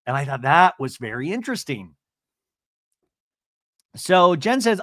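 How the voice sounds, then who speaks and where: A chatty male podcast host recaps reality TV in a lively, swooping voice that sits a bit high for a man. His talk is loose and animated and peppered with "like" and "you know". The sound is close and dry. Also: moderate pace, pauses often, dry recording.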